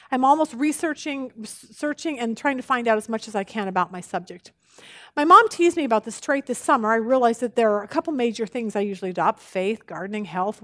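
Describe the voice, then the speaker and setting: A woman teaching a women's Bible study, animated and expressive, telling jokes as she speaks. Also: a little high, no echo.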